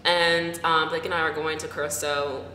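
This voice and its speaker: A young woman in her twenties, telling a travel story in a casual vlog and acting out the quotes in a lively way. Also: normal speed. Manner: animated storyteller, acts out quotes in a high voice. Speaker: vlogger. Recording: echoey room with faint noise.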